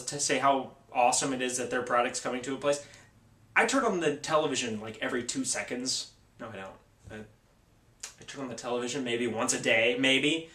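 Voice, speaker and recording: A man's voice: mid-range voice, fairly bright tone, reverberant, recorded from a distance. A man hosting a tech video, ranting casually with sarcasm and exasperation.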